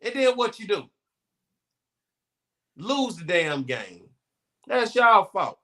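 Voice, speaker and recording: Male sports radio co-host, high bright voice, brash trash-talk. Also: big pitch swings, slow pace. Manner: boastful, taunting, profane.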